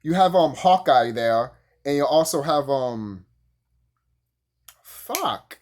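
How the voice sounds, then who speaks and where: A man giving a casual, profane, rambling review, full of fillers and bursts of laughter. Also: slow pace. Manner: animated, jumps high when excited. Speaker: YouTube reviewer.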